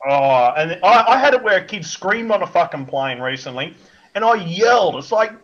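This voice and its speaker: Blunt, profane male guest with a high voice; muffled lo-fi audio. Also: sing-song, moderate pace, a bit bright. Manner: blunt, crude, sarcastic. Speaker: podcast guest. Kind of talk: profane ranting commentary.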